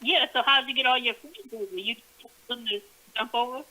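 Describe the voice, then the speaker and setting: A woman calling in to a talk show, speaking earnestly and haltingly, repeating her points as she goes. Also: on the high side, pushed and bright. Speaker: caller. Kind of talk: casual phone-in conversation. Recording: tinny phone line.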